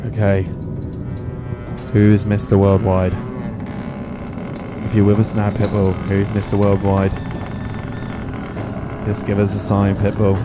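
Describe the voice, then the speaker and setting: A man putting on a mock seance medium, calling out in a slow, low, booming incantation. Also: completely flat delivery, heavy background noise. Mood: solemn summoning. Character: mock seance medium summoning a spirit, male adult.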